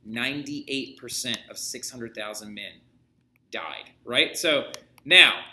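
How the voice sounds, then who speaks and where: A man's voice: medium pitch, slow, sharp tone, slight background noise. A man teaching a history lesson in a casual, jokey way, checking in with his students again and again. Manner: casual, jokey, keeps asking "right?". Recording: echoey room.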